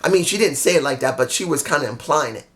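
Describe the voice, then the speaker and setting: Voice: mid-range voice, animated, fast talker, a bit bright. Worn out wrestling recap vlogger, blunt, cusses a lot, talks right at the camera. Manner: blunt, swears freely, emphatic. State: tired. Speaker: wrestling show reviewer. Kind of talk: casual show recap to camera.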